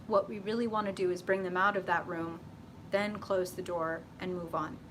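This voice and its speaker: Profane, animated woman tarot reader. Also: on the low side, normal speed, a little hiss or hum. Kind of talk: live-streamed tarot reading.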